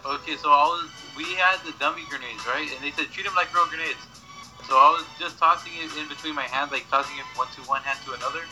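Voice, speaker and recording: Bright-voiced young man telling stories. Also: on the high side, fast talker, faint music behind, low-quality recording. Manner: rambling, swears a lot, laughs at own stories. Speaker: podcast regular. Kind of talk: casual chat, storytelling.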